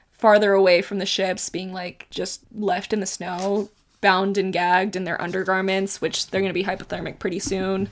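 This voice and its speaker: Chatty woman recapping a book. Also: medium pitch. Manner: chatty, lots of "like" fillers, laughs often. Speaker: book channel host.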